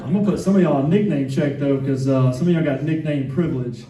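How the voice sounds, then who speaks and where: A man's voice: on the high side, fast, very noisy. A man in his fifties from Atlanta with a Southern accent, doing a self-deprecating, rambling stand-up set. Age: 50s. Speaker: stand-up comedian. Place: club stage with live audience. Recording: echoey room, distant mic, crowd laughter.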